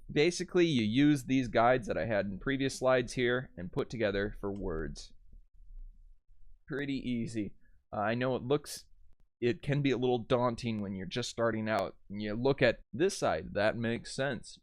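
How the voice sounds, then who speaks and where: Relaxed man teaching pronunciation. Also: medium pitch, dry recording. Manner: relaxed, with frequent "uh" fillers, sounding out words slowly. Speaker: voice and dialect teacher. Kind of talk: casual slideshow lesson.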